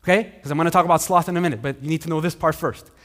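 A male pastor preaching a conversational sermon, animated, with frequent restarts. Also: a little high, racing. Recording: hall reverb.

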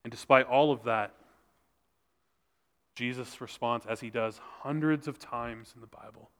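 A man preaching a sermon as pastor, earnest, and at times dropping to a soft, intense voice for emphasis. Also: mid-range voice, a little slow. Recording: reverberant hall sound.

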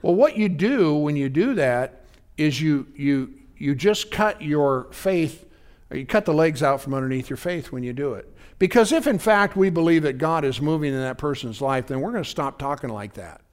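A man's voice: a little high, expressive, moderate pace. A man pastor giving a conversational sermon, often checking in with his congregation. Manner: conversational preaching, often asking the congregation if they follow.

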